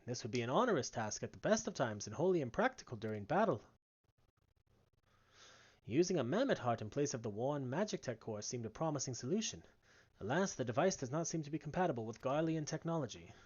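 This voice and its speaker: A man voicing an earnest male engineer, reading game dialogue in a measured, formal, explanatory way. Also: medium pitch, very animated, breathy edge. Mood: explaining. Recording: dull lo-fi stream audio with game music.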